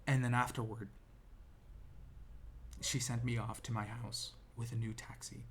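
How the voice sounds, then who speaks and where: A man's voice: mid-range voice, little pitch movement, a little slow, a little hiss or hum. A young man telling a personal story to camera in a rambling, self-deprecating way, full of restarts and ums, seated indoors. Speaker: vlogger. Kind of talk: casual storytelling monologue.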